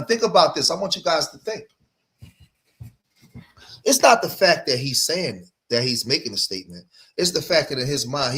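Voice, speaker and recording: A man's voice: mid-range voice, bright, forceful tone. A man hosting a livestream, reacting to clips in emphatic commentary and repeating phrases for emphasis.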